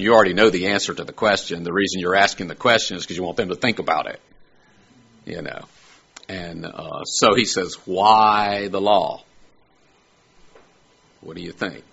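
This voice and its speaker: A man's voice: low-pitched, vocal fry, fairly bright tone, breathy edge, dull audio. A man preaching a sermon in a conversational way, full of rhetorical questions and everyday examples, rising to emphatic peaks.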